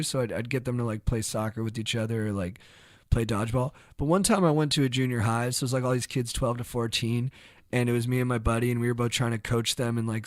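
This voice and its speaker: Mężczyzna opowiadający anegdotę, bardzo suchy dźwięk. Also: male voice, mid-range voice, no echo, studio quality. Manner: animated, bursts into shouted reenactments. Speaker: podcast co-host. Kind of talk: casual storytelling.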